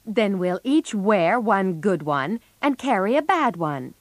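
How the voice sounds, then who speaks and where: A woman voicing a blunt, clumsy tomboyish teenage girl, talking slowly and plainly. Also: medium pitch, expressive, no echo. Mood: matter-of-fact. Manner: slow, plain, rueful.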